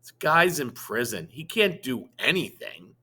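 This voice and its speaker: A man's voice: mid-range voice, big pitch swings, measured pace, bright, forceful tone, breathy edge, exaggerated voice. A male teacher voicing a blunt, skeptical teenage girl who speaks dismissively.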